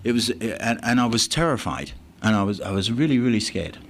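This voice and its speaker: Halting English man telling his recovery story. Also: lowish voice, lively intonation, a little hiss or hum. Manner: halting, many restarts and fillers. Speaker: recovery meeting speaker.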